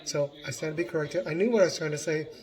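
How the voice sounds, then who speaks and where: Chatty man with a high voice. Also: racing, darkish tone. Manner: chatty, encouraging, talks while chopping. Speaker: home cooking vlogger. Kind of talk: casual cooking demonstration.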